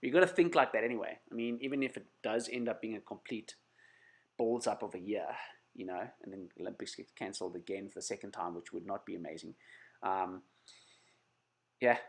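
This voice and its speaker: A man's voice: lowish voice, fairly quick, gravelly, slightly rough. A man with a cold hosting a casual livestream, chatting with viewers, greeting them by name and apologizing often over camera trouble. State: has a cold. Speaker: channel host on a livestream.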